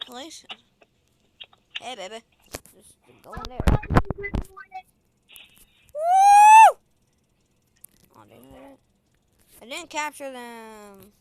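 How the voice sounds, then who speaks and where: A woman giving casual game commentary, excitable, shrieking and giggling as she plays. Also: a little high, takes it slowly, vocal fry, pauses often. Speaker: gamer. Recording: loud background noise.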